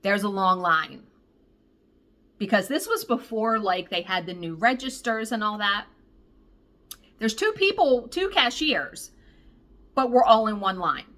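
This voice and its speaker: A woman cross-stitch vlogger telling a story in a casual, animated, exasperated way, swearing freely. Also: medium pitch, unhurried, pauses often.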